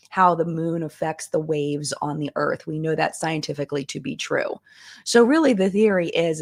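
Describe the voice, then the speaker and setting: Woman in her 30s, chatty live-stream host, low gravelly voice, dry close sound. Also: a little mellow, dry recording. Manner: chatty, reads viewer comments aloud, many fillers. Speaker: YouTuber hosting a live chat. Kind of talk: casual live-stream chat. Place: home basement.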